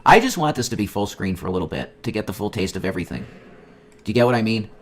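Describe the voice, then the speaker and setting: A man ranting in a casual livestream, profane and excitable, jumping between loud outbursts and muttered asides. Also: lowish voice, fast talker, slight background noise. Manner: profane, excitable, nostalgic rambling. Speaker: streamer. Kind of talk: rambling casual livestream chat.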